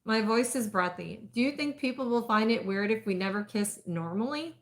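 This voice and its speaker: A woman voicing an insecure young woman in a romance audiobook reading, speaking in an earnest, breathy, hesitant way. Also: a little high, expressive, moderate pace. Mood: hurt.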